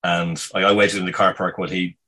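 A deep-voiced man tells a long personal story at an unhurried, rambling pace. His voice is low and a little husky, and he keeps stopping to hunt for the next word. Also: level tone, sharp tone, low-quality recording. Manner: meandering, halting, many fillers. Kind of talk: casual anecdote.

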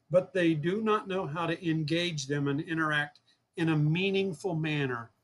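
A man's voice: fairly high pitch, moderate pace, a bit bright. A man telling a long personal story in an interview, earnest, repeating words and acting out the dialogue he quotes. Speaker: guest, fishing program founder.

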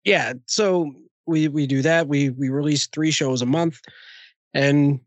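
A man's voice: a little high, steady tone, slow, dry recording. A man, a guest on a podcast in laid-back casual chat.

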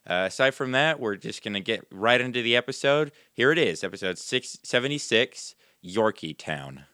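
Bright clear-voiced man hosting. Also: medium pitch, a little fast, no room sound, clean studio sound. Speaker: podcast host and player. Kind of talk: casual tabletop game chat.

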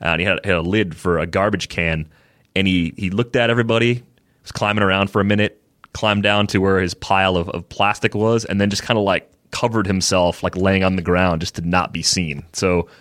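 A man co-hosting a podcast, telling relaxed stories in casual chat with dry humor. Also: deep voice, a little fast, no room sound. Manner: relaxed storyteller, dry humor, many fillers. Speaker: podcast co-host.

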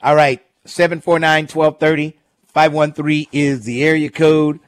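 A man's voice: on the high side, level tone, unhurried, dry recording, clean studio sound. Chatty man hosting call-in radio. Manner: chatty storytelling, amused, repeats phone number. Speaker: radio talk show host. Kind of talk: casual call-in radio talk.

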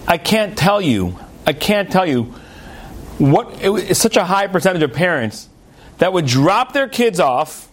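A man teaching a Torah lesson as a rabbi, telling stories in an animated way and acting out the characters. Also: high-pitched. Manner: animated storyteller, acts out the characters.

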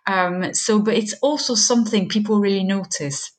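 A woman's voice: medium pitch, moderate pace. A woman from southwest France, a teacher with a French accent whose first language is French, telling stories in a podcast interview. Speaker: teacher, guest.

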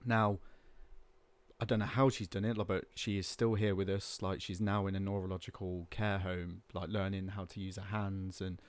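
A man's voice: low voice, level tone, normal speed, dry recording. A man, a podcast guest talking candidly and rambling, with plenty of filler words. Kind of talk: casual chat.

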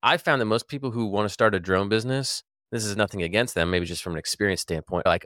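A man's voice: lowish voice, quick pace, sharp tone, dry recording, clean studio sound. A man hosting a podcast interview, talking loosely and casually with lots of fillers. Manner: loose and chatty, many fillers like "like" and "you know". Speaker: podcast host.

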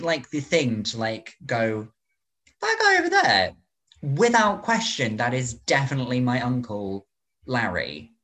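A man's voice: mid-range voice, a bit bright. Guy on a podcast, rambly, says like a lot, voice bouncing all over. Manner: rambling, lots of "like", jokey reactions. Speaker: podcast co-host. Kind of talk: casual chat.

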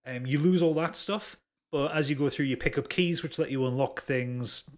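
Calm man explaining. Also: medium pitch, normal speed. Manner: explanatory, steady, with fillers. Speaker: podcast host. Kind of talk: casual chat.

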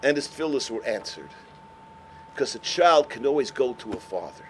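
An older man, a rabbi, telling stories in a sermon, swinging from shouts to hushed words. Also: mid-range voice, big pitch swings, moderate pace, a little hiss or hum. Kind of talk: sermon storytelling.

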